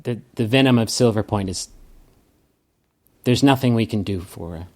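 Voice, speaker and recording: A man voicing a weary, remorseful woman warrior in a tabletop game, speaking haltingly. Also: lowish voice, a little mellow, lightly acted. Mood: somber. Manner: halting, hesitant delivery.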